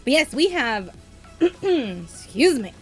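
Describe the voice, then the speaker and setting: A woman's voice: high-pitched, sing-song, takes it slowly, faint music behind. A young woman co-hosting a podcast in casual chat, bubbly, laughing often and trailing off mid-sentence. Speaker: podcast co-host.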